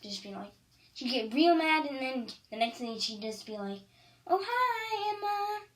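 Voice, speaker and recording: A woman's voice: fairly high pitch, expressive, moderate pace, far from the mic. A female vlogger talking casually to camera in a rambling, stop-start way with emphatic repetitions.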